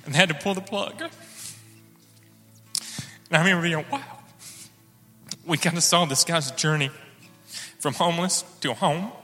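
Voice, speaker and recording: A man's voice: a little high, normal speed, long pauses, sharp tone, big-room sound, faint music behind. A man sharing an earnest personal testimony in church, acting out the dialogue as he tells it. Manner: earnest storytelling, acts out dialogue.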